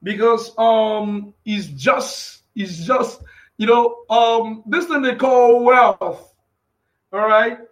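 A man with a very high voice preaches to a live online audience. He talks in an excitable, rambling way and keeps checking in with his listeners. The sound bounces around an echoey room. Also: drawn-out words. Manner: excitable, repeats himself, frequent "you know what I'm saying". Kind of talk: live-streamed preaching and casual talk.

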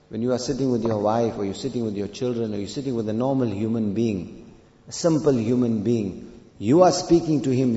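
Male preacher, sermon with a story, emphatic loud peaks, booming hall, dull lo-fi sound. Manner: rises to loud emphatic peaks, recites Arabic verse. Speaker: Islamic preacher.

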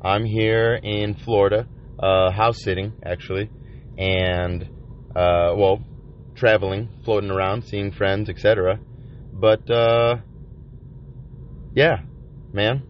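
A man vlogging from inside a van by the ocean, rambling in a profane, halting confessional monologue full of restarts. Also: fairly low pitch, fairly even intonation, slight background noise. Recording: dull lo-fi recording.

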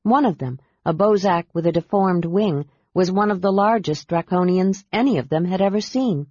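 A reader narrating a fantasy novel in a steady, even storytelling voice. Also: mid-range voice, moderate pace, few pauses, breathy edge, no room sound. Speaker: audiobook narrator. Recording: dull, dry audiobook sound.

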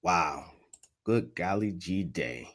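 A man doing casual live play-by-play of a football game, trash-talking and laughing, swinging from muttered asides to loud outbursts. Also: low-pitched, animated, slow. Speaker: live sports commentator and streamer.

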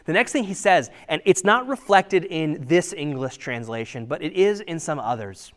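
A man's voice: on the high side, lively intonation, moderate pace. A man preaching a sermon in a conversational way, full of rhetorical questions and sometimes dropping to a near-whisper for emphasis. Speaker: pastor.

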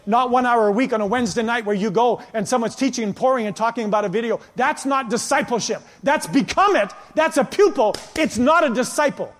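A man preaching a sermon as pastor, emphatic, with passages that drop to a quiet, intense tone. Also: very high-pitched, brisk, few pauses. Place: church sanctuary. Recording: long church hall reverb.

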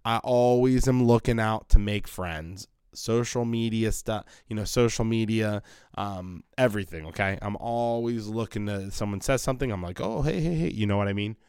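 A man's voice: lowish voice, moderate pace, smooth, no room sound, studio quality. A man hosting a podcast from his basement, rambling bluntly and swearing in a casual monologue. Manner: rambling, blunt, profane, animated. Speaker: podcast host. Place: home basement.

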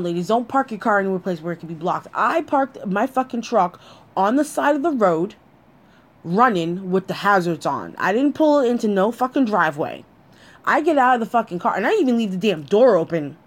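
A woman's voice: medium pitch, animated, moderate pace. A young adult woman telling a personal story with lots of swearing, addressing her listeners directly.

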